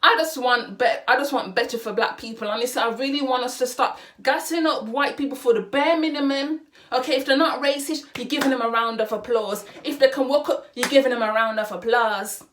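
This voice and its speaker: A young woman with a high voice delivers a heated opinion vlog. She hammers her points home by repeating phrases and drops Caribbean and street slang words into her speech as she talks straight to camera. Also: fairly quick, fairly bright tone, a little hiss or hum. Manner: impassioned, repeats phrases for emphasis. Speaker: vlogger.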